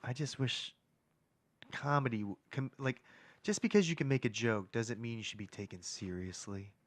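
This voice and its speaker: A man chatting on a podcast in a thoughtful, measured way, often stopping and restarting his sentences. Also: medium pitch, no room sound. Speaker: podcast co-host. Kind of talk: casual podcast chat.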